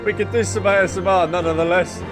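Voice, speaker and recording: A young man casually commenting on a game he is playing, joking and excitable. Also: sits high, fast. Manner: jokey, excitable, laughing asides. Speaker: streamer. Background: faint game music.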